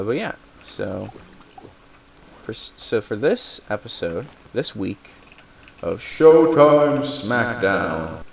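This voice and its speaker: Gravelly low-voiced young man ranting casually. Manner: rambling, self-correcting, with sudden swearing. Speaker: podcast host. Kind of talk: casual opinion segment.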